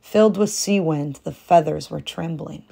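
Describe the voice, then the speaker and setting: A woman reads a storybook aloud in a calm, measured way. Her voice is low and gravelly with plenty of fry. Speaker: storybook reader. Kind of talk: read-aloud storybook narration.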